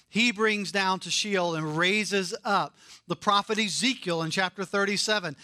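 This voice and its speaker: A man preaching with a high, bright, forceful voice, recorded close and dry. He leans hard on key phrases, then drops to a low, quiet aside. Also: no room sound. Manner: emphatic preaching, swings from loud stresses to quiet asides. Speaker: pastor. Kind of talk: sermon.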